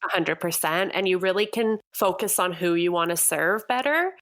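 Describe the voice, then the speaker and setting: A woman's voice: lowish voice, lively intonation, moderate pace, fairly bright tone, no room sound. A young adult woman from Canada, a copywriter guest on a podcast interview, speaking with bubbly enthusiasm.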